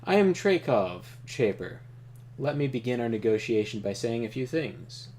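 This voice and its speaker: Man reading calm, commanding fantasy game leader, measured and formal. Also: mid-range voice, a little hiss or hum, close to an everyday voice. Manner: measured, formal, read aloud with emphasis. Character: calm, powerful male leader of an invading people.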